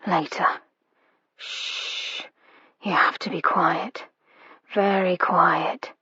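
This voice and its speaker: A woman doing a hushed, whispering male lover. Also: high-pitched, a little slow, husky, no room sound, muffled recording, voice pushed down, heavily acted. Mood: hushed, urgent. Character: low-voiced hushing male lover. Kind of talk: whispered role-play.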